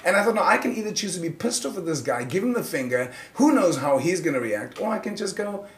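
A man, a guest on a radio show, telling a motivational story in a casual, expressive way. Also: high-pitched, quick pace, roomy sound. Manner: expressive, swings his voice up and down, acts out moments.

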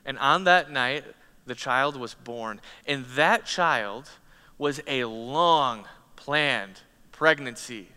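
A man preaching a sermon, retelling a story dramatically, rising to loud passages and dropping to hushed ones. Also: medium pitch, slow, smooth. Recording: long hall reverb.

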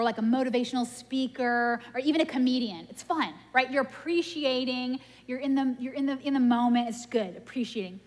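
A woman giving a casual, animated sermon in a church, telling stories and laughing at herself. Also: fairly high pitch. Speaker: preacher. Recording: long hall reverb.

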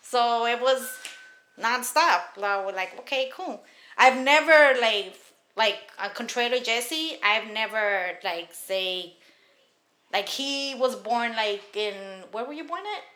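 A woman's voice: on the high side, lively intonation, slow, bright, forceful tone. A woman in her thirties from Los Angeles, telling a heated, profane story on a casual podcast. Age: 30s. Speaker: podcast host.

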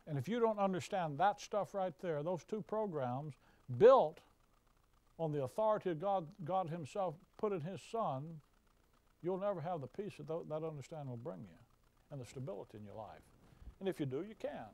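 A man's voice: on the high side, expressive, normal speed, a little mellow, dry recording. A man preaching a fiery sermon, folksy and emphatic, with mocking asides.

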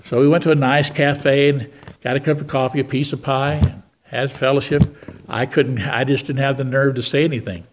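A man's voice: medium pitch, fairly even intonation, moderate pace, background noise. An older man giving a sermon in church, telling a story from his life and calling on the congregation for amens. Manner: storytelling preacher who keeps asking the church for amens. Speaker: guest preacher.

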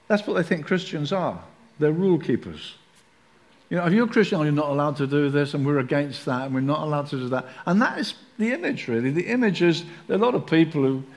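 Animated high-voiced male preacher. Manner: animated, acts out voices of people in the story. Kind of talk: sermon.

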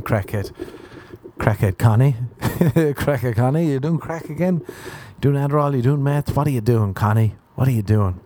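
A young man hosts a solo comedic podcast, ranting crudely and poking fun at himself, often laughing at his own jokes. His mid-range voice is warm and moves a little fast.

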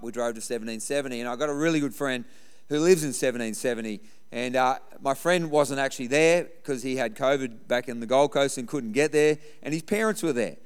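A man's voice: fairly high pitch, clear, resonant tone, big-room sound. A middle-aged man preaching a sermon, telling stories and hammering points with repetition. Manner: storytelling, emphatic repetition. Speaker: pastor.

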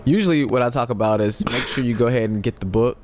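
A man's voice: medium pitch, fast, darkish tone, a little hiss or hum. A man co-hosting a podcast, explaining things plainly and teasing his partner. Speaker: podcast co-host. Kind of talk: casual chat.

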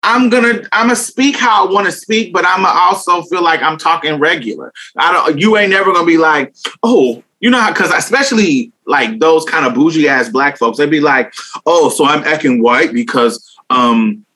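A woman's voice: lowish voice, lively intonation, brisk, few pauses, sharp tone. A young woman talking candidly in an interview, blunt and emphatic, swearing freely and laughing often. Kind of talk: candid casual conversation.

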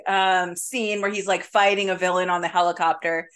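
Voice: medium pitch, fairly even intonation, moderate pace, a bit bright. Giggly host riffing with lots of fillers. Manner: filler-heavy, laughing, acting out bits. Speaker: podcast co-host. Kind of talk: casual comedic brainstorming.

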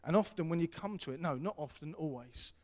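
A middle-aged man preaching a sermon as pastor, earnest and repetitive, swinging between loud appeals and hushed tones. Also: a little high, lively intonation, fairly quick. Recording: long hall reverb.

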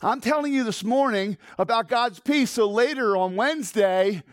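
A middle-aged man preaching a sermon as pastor, conversational and animated, swinging from loud emphasis to hushed tones and asking the congregation questions. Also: very high-pitched, moderate pace, no room sound, studio quality.

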